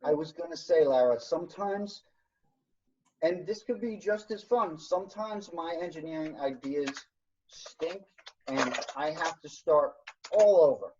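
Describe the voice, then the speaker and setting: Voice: mid-range voice, measured pace, darkish tone, a little hiss or hum. An instructor teaching an online science workshop, explaining step by step in an encouraging way over a video call. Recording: dull lo-fi video call audio.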